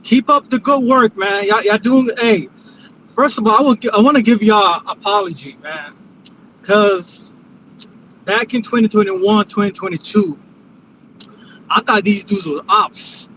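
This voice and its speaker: A man with a very high voice speaks casually and apologetically as he joins a livestream panel. His audio is dull and lo-fi, with a faint noise of traffic behind him. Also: measured pace, pauses often, pushed and bright. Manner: apologetic, casual, repeats phrases. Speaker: panel guest.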